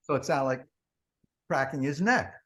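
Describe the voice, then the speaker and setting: A man's voice: mid-range voice, moderate pace, fairly bright tone. A man, a former TV producer guesting on a podcast, telling rambling, profane backstage anecdotes full of "he goes" and "blah, blah.". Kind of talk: anecdotal storytelling.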